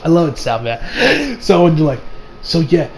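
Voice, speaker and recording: Rambling young man with a high voice. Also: sing-song, moderate pace, slight background noise, low-quality recording. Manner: rambling, filler-heavy, laughs often. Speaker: anime reviewer. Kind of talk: casual episode recap.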